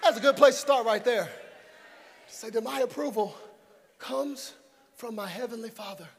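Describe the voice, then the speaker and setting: Pastor, male, very high voice, preaches dynamically, from shouting to soft whispers. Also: moderate pace, in a large hall. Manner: dynamic, swings from loud to hushed. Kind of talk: sermon. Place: church sanctuary before a congregation.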